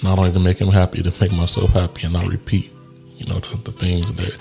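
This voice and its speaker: A man's voice: deep voice, completely flat delivery, fast, vocal fry, mellow, faint music behind. A man telling a personal story in a candid, reflective way, laughing often and swearing casually as he works through grief. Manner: reflective and grieving.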